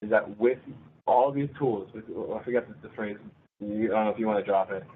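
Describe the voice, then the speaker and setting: A man with a slightly low voice answers audience questions at a user group meeting. He is informal and practical and thinks aloud as he goes. The sound is tinny and narrow, like a phone line, with a faint hiss behind. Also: brisk. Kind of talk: casual Q&A answers.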